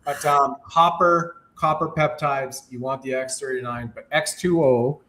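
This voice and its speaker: A man hosting a talk show in casual chat, loose and friendly with quick asides. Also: mid-range voice, fairly even intonation, sharp tone, slight background noise. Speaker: host.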